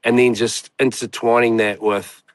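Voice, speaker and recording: New man, mid-pitched, casual rambling guest storyteller with a salty mouth; close and dry. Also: flat delivery, moderate pace, dry recording. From New Zealand. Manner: rambling, swearing storyteller full of fillers. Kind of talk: casual chat.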